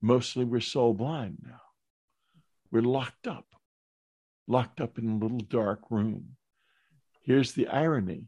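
An older man hosting an interview podcast, speaking in a measured, earnest way. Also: mid-range voice, mellow, dry recording. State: hiccups. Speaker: podcast host.

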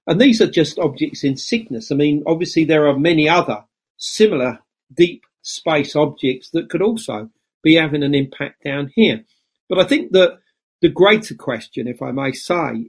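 Husky-voiced man musing as a guest. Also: mid-range voice. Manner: thoughtful, speculative, many ums. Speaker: guest author. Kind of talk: casual interview talk.

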